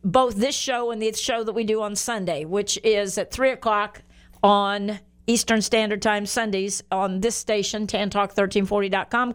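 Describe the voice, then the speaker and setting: A woman's voice: on the high side, clear, resonant tone. Bubbly older American radio host woman. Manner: bubbly, chatty, reads out phone numbers and web addresses. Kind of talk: Christian radio talk show.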